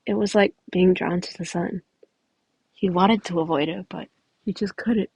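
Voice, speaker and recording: Casual woman podfic reader; gravelly, husky, very dry recording. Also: lowish voice, steady tone, moderate pace, a little mellow, no echo, rough recording. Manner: casual, self-correcting with chatty asides. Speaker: fan fiction reader. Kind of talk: podfic narration.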